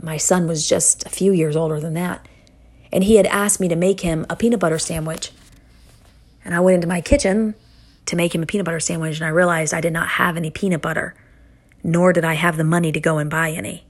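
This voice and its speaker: A middle-aged woman delivers a sermon in an earnest, emphatic way. Her voice sits a little low, and she stretches key lines with dramatic pauses. She works personal testimony into the preaching. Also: steady tone.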